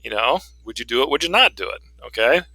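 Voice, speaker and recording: A man's voice: medium pitch, expressive, quick pace, sharp tone, dry recording, rough recording. A man teaching a recorded online course module, walking students through their assignments in a conversational way, with frequent "okay" check-ins and light joking. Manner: chuckles and jokes lightly with students. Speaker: college writing instructor. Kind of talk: recorded online lecture walkthrough. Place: in Raleigh, North Carolina.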